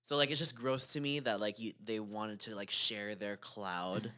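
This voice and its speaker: A woman's voice: a bass voice, steady tone, normal speed, pushed and bright. A woman co-hosting a casual podcast chat, laughing often and swearing casually. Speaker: podcast co-host.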